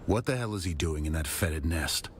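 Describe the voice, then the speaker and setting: An actor playing a stern, gruff male swordmaster in a video game, curt and measured in speech. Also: very deep voice, lively intonation, a little hiss or hum. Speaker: game character.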